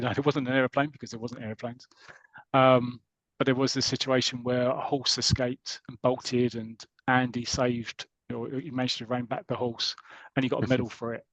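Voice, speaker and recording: A man's voice: medium pitch, fairly bright tone, no room sound, dull audio. A man co-hosting a podcast, casually retelling a comic story with rambling asides and quoted lines. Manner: rambling, retells plot with quoted voices and laughs. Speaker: podcast co-host.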